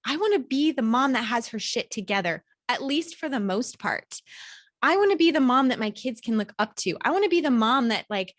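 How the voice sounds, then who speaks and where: A woman's voice: fairly high pitch, no echo, clean studio sound. A woman in her thirties hosting a solo podcast, talking in an emphatic, motivational way with some swearing, recorded in a hotel room. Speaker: podcast host.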